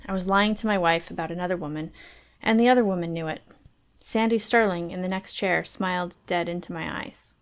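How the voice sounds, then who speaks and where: A woman's voice: lowish voice, brisk, few pauses. Woman reading a novel aloud, wry. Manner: wry, conversational first-person reading. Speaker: book club streamer reading aloud.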